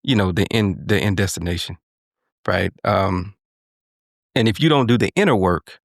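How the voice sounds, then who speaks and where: A man's voice: low-pitched, expressive, moderate pace, dry recording, clean studio sound. A man co-hosting a podcast in a reflective, casual conversation, talking earnestly and often checking in with "right?" and "you know". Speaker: podcast co-host.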